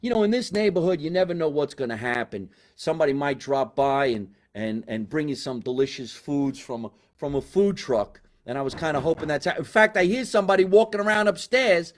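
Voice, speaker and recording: A man hosting a live comedy show from a basement, a loud, hammy showman who swings between big excitement and asides. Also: mid-range voice, fairly quick, few pauses. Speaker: podcast host.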